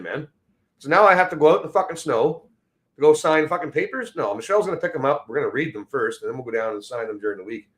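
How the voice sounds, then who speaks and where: A man's voice: a little high, lively intonation, fast, fairly bright tone. Give me a middle-aged man mumbling through a sweary livestream rant with slurred, sloppy diction. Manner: crude, swearing, combative toward chat. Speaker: livestream host. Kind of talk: profane casual rant.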